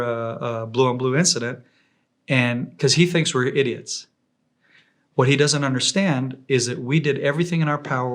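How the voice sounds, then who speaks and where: Man telling war stories. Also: mid-range voice. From Israel. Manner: animated, acts out quoted voices. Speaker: guest. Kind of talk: casual war storytelling.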